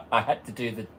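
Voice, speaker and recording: A man's voice: medium pitch, fairly bright tone, a little hiss or hum. Chatty man hosting a livestream. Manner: chatty, greets viewers by name, laughs often. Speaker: livestream host. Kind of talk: casual livestream chat.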